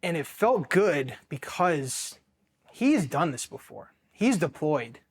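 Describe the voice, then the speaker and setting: A Marine veteran from Ohio tells his combat story in a personal interview, raw and profane, repeatedly stopping and restarting. His fairly high male voice is very animated and emotionally charged with a breathy edge, and he goes quiet at the painful moments.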